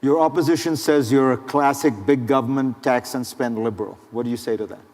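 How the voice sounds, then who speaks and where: A man's voice: mid-range voice, fairly even intonation, a little fast, a little mellow, big-room sound. A man interviewing, asking direct and pressing questions.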